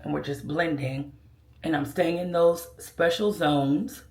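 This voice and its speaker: A woman's voice: low-pitched, fairly even intonation, unhurried, darkish tone. Chatty woman in an echoey room. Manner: chatty, sassy, addresses viewers as girl and child. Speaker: beauty vlogger. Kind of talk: casual makeup tutorial.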